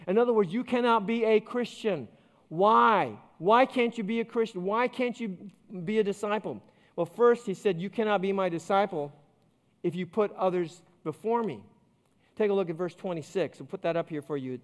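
A man's voice: high voice, normal speed. A man, a pastor, preaching a sermon with jokey, self-deprecating stories. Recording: long church hall reverb.

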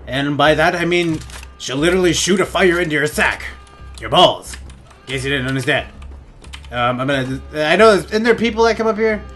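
A young man giving crude, goofy gameplay commentary on a headset in his bedroom, often laughing and yelling out suddenly. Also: a little high, animated, moderate pace, faint music behind. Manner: goofy, giggly, crude jokes, sudden loud outbursts. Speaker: gaming let's play host.

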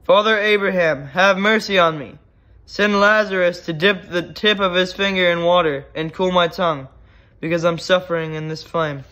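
A man's voice: on the high side, level tone, moderate pace, vocal fry. A man reading scripture aloud, voicing a desperate rich man who pleads urgently from torment. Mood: pleading. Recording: dull lo-fi recording.

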